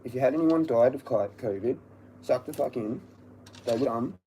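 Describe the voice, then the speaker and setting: A man's voice: medium pitch, moderate pace, mellow, a little hiss or hum. A man ranting angrily and profanely on a livestream, repeating himself. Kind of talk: angry livestream rant.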